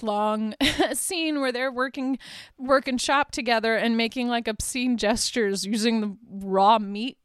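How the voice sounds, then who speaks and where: Chatty woman with a smooth, dry voice. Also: on the high side, no room sound. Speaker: podcast host. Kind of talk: casual movie recap.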